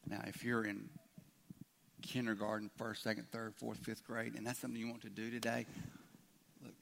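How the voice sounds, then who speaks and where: Gravelly, low-voiced pastor preaching. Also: male voice, flat delivery, moderate pace, fairly bright tone. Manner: conversational, acts out imagined listeners' objections. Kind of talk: sermon.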